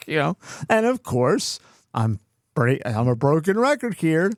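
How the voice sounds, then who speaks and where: In a dry, studio-quality recording, a middle-aged man speaks at medium pitch and moderate pace with a sing-song lilt. He's co-hosting a podcast, casually ranting and cursing through a story about work.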